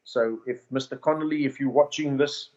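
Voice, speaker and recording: A man's voice: mid-range voice, fairly quick, muffled recording. A man with a South African accent, a comedian guest telling career stories in a casual interview. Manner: animated anecdotes with put-on quoted voices.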